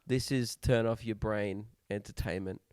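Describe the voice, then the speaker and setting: A man's voice: lowish voice, fairly even intonation, measured pace, darkish tone, dry recording, clean studio sound. A man co-hosting a podcast, chatting casually and teasing his co-host with jokes. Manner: joking, teasing banter. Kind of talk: casual chat.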